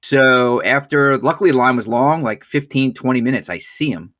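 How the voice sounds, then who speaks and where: A man's voice: mid-range voice, moderate pace, a bit bright. A man hosting a podcast, telling a story in casual chat, swearing freely. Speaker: podcast host.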